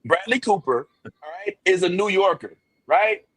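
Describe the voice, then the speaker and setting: A man hosting a casual podcast chat, animated and joking, swearing freely. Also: high voice, moderate pace, slightly rough. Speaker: podcast host.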